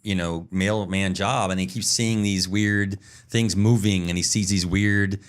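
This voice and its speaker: A man's voice: deep voice, fairly even intonation, a little slow. A man co-hosting a podcast in casual chat, rambling through a story and acting out the sounds. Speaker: podcast co-host.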